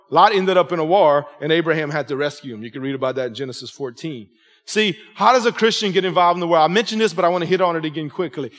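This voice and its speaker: With a fairly bright tone and slightly raised pitch, a pastor in his forties delivers his sermon with conversational emphasis. He repeatedly checks in with his congregation, and each phrase fades into a long church reverb.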